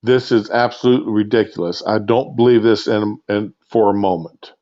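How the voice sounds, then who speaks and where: A man's voice: on the low side, steady tone, normal speed, warm tone. A man ranting off the cuff on a livestream, angry and rambling, with many fillers and restarts. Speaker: livestream host. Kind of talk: impromptu rant. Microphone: earbud with built-in mic on a phone. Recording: muffled lo-fi phone earbud mic.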